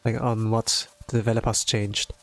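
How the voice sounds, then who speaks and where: A man giving casual, rambling commentary as he plays a game, filling his talk with "like" and bursting out with excitement. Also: on the low side, normal speed. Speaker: streamer.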